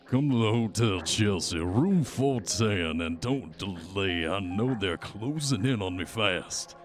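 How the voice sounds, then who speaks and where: A man playing a frightened, paranoid man who is being followed, speaking slowly and urgently. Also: sits low.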